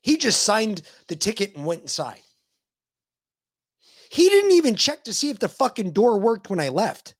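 A man's voice: high-pitched, big pitch swings, moderate pace, pauses often. An American man co-hosting a podcast, telling stories in casual chat with lots of swearing and acted-out quotes. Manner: profane storyteller, acts out quotes animatedly. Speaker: podcast co-host.

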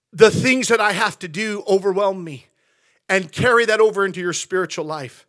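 A middle-aged male pastor preaching a sermon in a conversational, animated way, often repeating words as he goes. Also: high voice, moderate pace. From California, USA.

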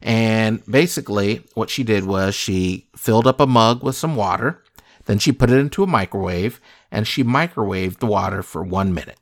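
A man with a slightly low voice chats casually and jokingly. He plays it mock-serious and keeps tossing questions at his co-host. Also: moderate pace. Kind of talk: casual comedic chat.

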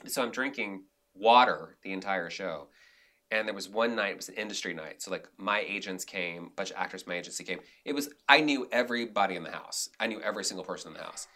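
A man, a director and actor, talking casually in an interview and telling animated stories from the theater with many restarts. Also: sits low, quick pace. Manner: animated, acts out quotes, frequent restarts.

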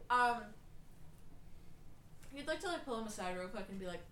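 A woman's voice: fairly high pitch, fairly quick, echoey room, slight background noise. A woman playing a tabletop role-playing game, chatting casually and joking. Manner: lively, joking, swears casually. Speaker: player.

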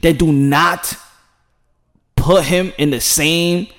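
A man giving passionate, preachy commentary in a vlog, swinging from hushed to loud and emphatic. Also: on the high side, steady tone, takes it slowly. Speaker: commentary vlogger.

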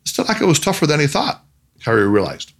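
Expressive male storyteller. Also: a little high, fast. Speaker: narrator. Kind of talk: scripted storybook narration.

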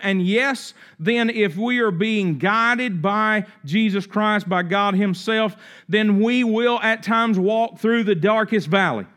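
Man, pastor, sermon, dramatic scripture reading, high, bright and forceful. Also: slow, few pauses. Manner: dramatic scripture reading, rising and falling intensity.

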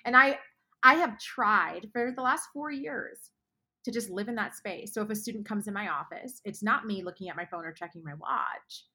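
Bright, husky-voiced woman telling stories earnestly. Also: medium pitch, normal speed. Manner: earnest storyteller, drops to hushed tones. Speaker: guest author. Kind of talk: faith podcast conversation.

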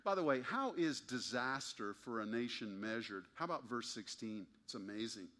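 A pastor delivering a Sunday sermon in a bright, ringing voice at an ordinary male pitch. He drives his points with emphasis and leans on wry, pointed rhetorical questions to the congregation. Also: expressive, normal speed.

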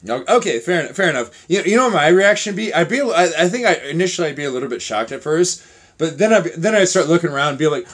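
A man's voice: a little high, lively intonation, fast, slightly rough. A man hosting a casual comedy podcast, rambling and profane with lots of restarts and fillers. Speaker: podcast host.

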